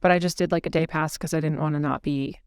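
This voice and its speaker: A woman podcast host telling a personal story in casual conversation, earnest and animated, with quoted speech. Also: low-pitched, fast talker, clear, resonant tone, no echo, studio quality.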